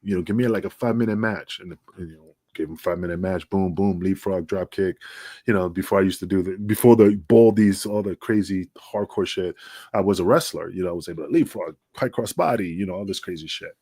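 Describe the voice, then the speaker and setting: A middle-aged man, telling wrestling stories as a podcast guest and acting out the dialogue with a lively raised voice. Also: sits low, a little fast, breathy edge, no echo, studio quality. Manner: animated, acts out dialogue with raised voice. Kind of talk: casual storytelling interview. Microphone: remote video call.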